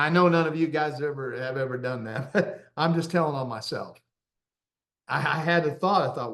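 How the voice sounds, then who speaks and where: A middle-aged man, a confidence coach, giving a motivational talk with animated, self-deprecating stories and frequent laughs. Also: a little high.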